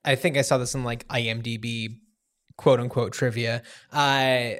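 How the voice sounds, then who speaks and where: A man co-hosting a podcast, chatting about films in a relaxed way and hedging with fillers. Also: medium pitch, moderate pace. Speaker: podcast co-host. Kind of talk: casual film discussion.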